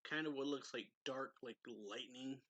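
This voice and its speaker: A man's voice: medium pitch, moderate pace, fairly bright tone. A man casually recapping a manga chapter as a reviewer, chatty and loose, with lots of "like" and "so yeah" and frequent chuckles. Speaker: anime reviewer.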